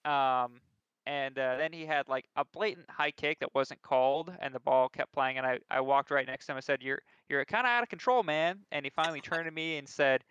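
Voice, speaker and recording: In a laid-back podcast conversation, a young man serving as co-host mocks himself through a lively, self-deprecating anecdote. He has a crisp, bright, slightly high voice. The sound is dry, a little dull, and lo-fi.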